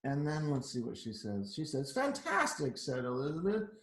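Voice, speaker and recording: A man reading a picture book aloud to children, pausing for chatty asides. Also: medium pitch, expressive, darkish tone, echoey room. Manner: chatty, adds asides to the kids.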